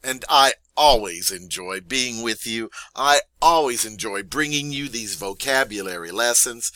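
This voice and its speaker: A man teaching French vocabulary in a playful, chatty way, repeating each word slowly and teasing his students. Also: medium pitch, animated, pushed and bright, no room sound. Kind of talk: vocabulary lesson.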